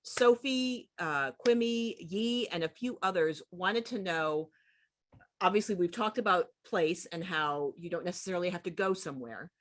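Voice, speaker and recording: A woman with a fairly low voice moderates an author Q&A. She agrees readily with her guest and reads out the audience's questions, combining several into one. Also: normal speed, a bit bright. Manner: affirming, gathers audience questions. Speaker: event host.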